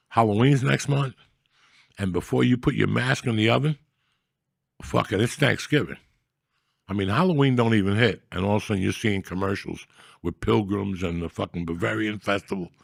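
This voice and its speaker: A man hosting a podcast, telling stories in a profane, loud, animated comedic rant. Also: fairly low pitch, gravelly, breathy edge, no room sound, clean studio sound. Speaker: podcast host.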